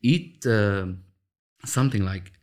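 A man being interviewed, speaking thoughtfully and often pausing and restarting as he explains his ideas. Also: fairly low pitch, expressive. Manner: thoughtful, hesitant restarts, slows down for emphasis. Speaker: interview guest, author of a love system. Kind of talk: reflective storytelling interview.

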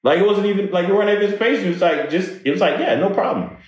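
A man telling a personal story in conversation, halting and repeating words as he goes. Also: sits high. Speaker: guest speaker on workplace diversity. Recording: very echoey room.

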